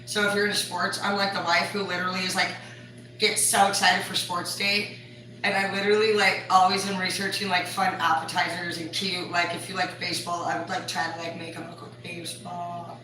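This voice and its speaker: A woman's voice: fairly low pitch, level tone, a little fast, bright, forceful tone, faint music behind. A woman chatting casually while she cooks, laughing and swearing, full of "like" fillers. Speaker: vlogger. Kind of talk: casual chat while cooking. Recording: echoey room from far off.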